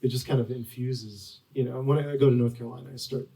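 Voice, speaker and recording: Man in his forties, author guest at a bookstore talk; mellow, rambling storyteller, mic set back. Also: medium pitch, steady tone, fast talker, distant mic, rough recording. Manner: rambling, full of "like" and restarts. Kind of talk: storytelling at a live book talk. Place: bookstore event.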